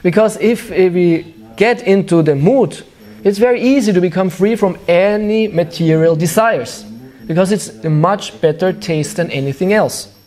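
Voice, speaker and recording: A man with a German accent, a native German speaker, giving an animated devotional sermon and sometimes searching for words. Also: sits high, normal speed. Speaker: spiritual teacher.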